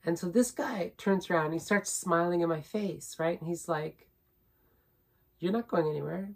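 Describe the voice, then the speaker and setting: Low-voiced woman telling a rambling story. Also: normal speed, darkish tone, breathy edge. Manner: rambling and repetitive, tags sentences with "right?"; indignant, building emphasis. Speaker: vlogger. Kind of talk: personal storytelling.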